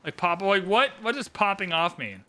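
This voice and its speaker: A man commentating a live game stream, excitable and theatrical, swinging from shouts to mumbled asides. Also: high-pitched, moderate pace. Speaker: livestream host commentating an AI game tournament.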